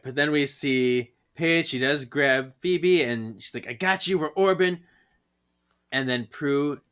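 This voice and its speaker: A man co-hosting a podcast in casual chat, animated and laughing often as he acts out lines from the story. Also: mid-range voice. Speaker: podcast co-host.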